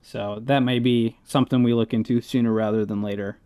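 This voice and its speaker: A man's voice: mid-range voice, steady tone, fairly quick, warm tone, smooth, no echo. A man co-hosting a casual podcast, rambling loosely and cursing freely as he reads out mail and plugs. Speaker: podcast co-host. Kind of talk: casual swearing podcast chat.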